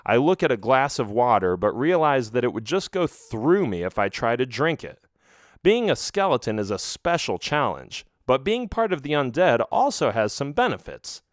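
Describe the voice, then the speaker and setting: A man's voice: medium pitch, big pitch swings, normal speed, no echo. A man narrating a children's audiobook in the first person, reading expressively into a close mic.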